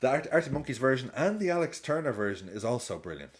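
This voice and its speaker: A man's voice: medium pitch, big pitch swings, quick pace. A man in his thirties chatting casually during a live football watch-along, reacting to the match and swearing freely as he jumps between topics.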